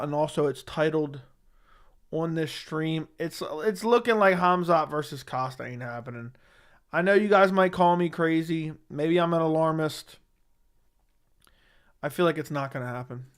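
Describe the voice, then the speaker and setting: A studio dynamic mic picks up a man whose voice is a little high, clear, and resonant. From a home setup he hosts an informal MMA livestream, reading chat comments aloud and replying in an argumentative, defensive manner that keeps repeating itself.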